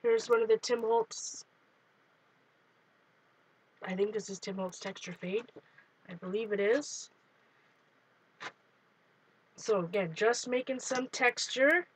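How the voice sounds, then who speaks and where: A woman's voice: fairly high pitch, takes it slowly, long pauses, a little hiss or hum, rough recording. A woman hosting a live art journaling stream, chatting casually and greeting viewers by name while she works. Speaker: art journaling livestream host.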